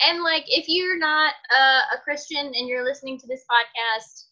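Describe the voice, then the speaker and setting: A woman's voice: high-pitched, pushed and bright, dull audio. A woman co-hosting a podcast, chatting casually and laughing often, with lots of fillers. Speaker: podcast co-host.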